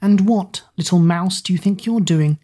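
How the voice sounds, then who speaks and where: A woman's voice: lowish voice, moderate pace, dark tone, natural voice. A woman voicing a cruel, scheming Witch Queen who mocks and gloats over her captives in a storybook reading. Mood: scornful. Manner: mocking, gloating.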